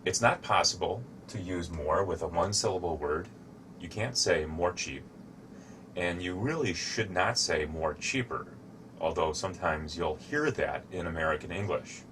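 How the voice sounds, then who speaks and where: A man giving a slow, deliberate English grammar lesson, showing objects as he explains. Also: low-pitched, background noise. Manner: shows objects to camera while explaining. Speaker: English teacher.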